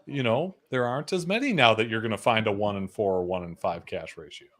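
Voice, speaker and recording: Lively easygoing man hosting. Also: lowish voice, fast talker. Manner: easygoing, lots of short affirmations. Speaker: show host. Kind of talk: casual interview chat.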